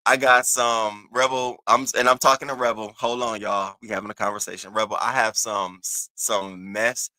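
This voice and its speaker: Bright-voiced man chatting on a livestream. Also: fairly low pitch, flat delivery, normal speed, few pauses, no echo. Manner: loose, profane, talks to chat viewers by name. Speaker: livestream host. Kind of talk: casual livestream chat.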